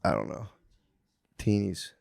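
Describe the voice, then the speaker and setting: A man's voice: low-pitched, sing-song, measured pace, vocal fry, darkish tone, no echo, studio quality. A man co-hosting a comedy podcast, rambling in casual chat, swearing and laughing often. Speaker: podcast co-host.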